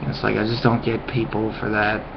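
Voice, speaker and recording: A young man ranting casually to his webcam, rambling with lots of "like" fillers and dropping to a low mutter at times. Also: completely flat delivery, a little fast, gravelly, background noise. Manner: mocking high-pitched yelps when imitating friends. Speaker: vlogger. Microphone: webcam mic. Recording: dull lo-fi webcam audio.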